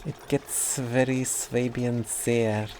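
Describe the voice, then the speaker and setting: A man's voice: medium pitch, flat delivery, slow, a little mellow, a little hiss or hum. A German man in his sixties with a German accent, chatting casually and teasingly while live-streaming a game. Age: 60s.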